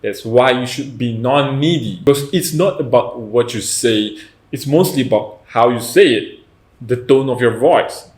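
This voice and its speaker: A man's voice: mid-range voice, a little slow, a little mellow. A man hosting a self-help video, giving earnest direct-to-camera advice and often checking in with "right?" and "you know". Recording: echoey room.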